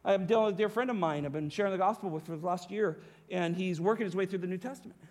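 A man's voice: sits high, fast talker, darkish tone. A man preaching a sermon as pastor, emphatic, with rhetorical questions to the congregation.

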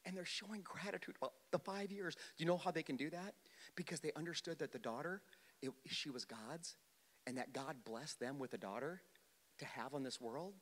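A man's voice: a little high, brisk. Man preaching in a reverberant church hall. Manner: swings from loud emphatic points to quiet subdued storytelling; repeats words, restarts, addresses the congregation directly. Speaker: pastor. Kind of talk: sermon.

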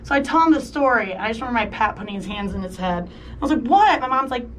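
A woman's voice: fairly high pitch, very fast, far from the mic, slight background noise. A woman in her thirties co-hosting a casual chat, telling a story with lots of "like" and acting out the voices of the people in it. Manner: animated, acts out quoted voices, lots of "like". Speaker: podcast co-host.

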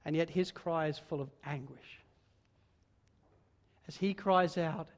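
High-voiced man preaching in a reverberant hall. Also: slow, long pauses. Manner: dramatic preaching that swells in force, then drops low and soft. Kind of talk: sermon. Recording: long reverb of a large hall.

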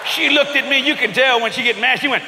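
A man preaching a comedic sermon, exuberant and shouting, laughing as he acts out little scenes. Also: very high-pitched, fast, background noise. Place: large church auditorium. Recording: echoey church hall, live crowd.

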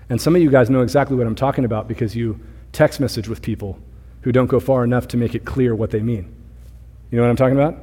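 A young male pastor delivers a sermon in a loose, conversational style, full of playful asides. His voice is mellow and a little husky. It rings out with the long reverb of a church sanctuary. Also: mid-range voice.

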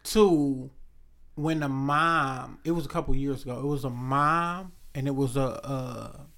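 A man talks in a relaxed, casual chat. He speaks bluntly and with emphasis. He tells stories and quotes the people in them as he talks. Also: medium pitch, measured pace.

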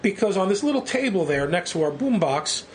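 Animated, profane New York storyteller. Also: male voice, high-pitched, fairly quick, slight background noise. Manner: profane, animated storyteller who acts out quotes. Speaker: guest, band singer. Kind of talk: casual storytelling interview.

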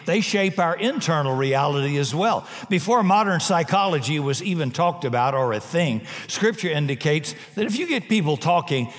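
Preaching man in a reverberant church hall. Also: fairly high pitch. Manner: emphatic preaching with humorous asides. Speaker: pastor. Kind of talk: sermon.

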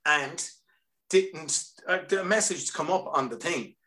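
Man, Irish accent, casual storytelling guest, fairly high voice. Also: lively intonation, bright, forceful tone. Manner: chatty storyteller, quick asides. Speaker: singer, guest. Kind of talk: casual chat.

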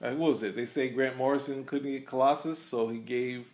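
A man's voice: medium pitch, fairly even intonation, brisk, a little mellow. A man co-hosting a podcast, chatting casually about a film in a rambling, hesitant way with many restarts. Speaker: podcast co-host. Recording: echoey room.

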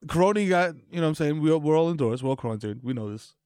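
A man's voice: fairly high pitch, expressive, rapid-fire, darkish tone, smooth, no room sound, studio quality. A man chatting casually as a podcast co-host, rambling and slangy. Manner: rambling, lots of fillers and restarts, slangy. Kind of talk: casual chat.

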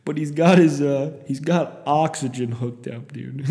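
Young man from Iowa, mellow voice, casual profane storytelling, rambling restarts, long reverb. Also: a little high, unhurried, vocal fry.

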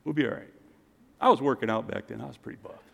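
A middle-aged man preaching a sermon and telling a personal story, swinging from loud, lifted lines to hushed, quiet ones. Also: medium pitch, quick pace, gravelly. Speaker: pastor. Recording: long hall reverb.

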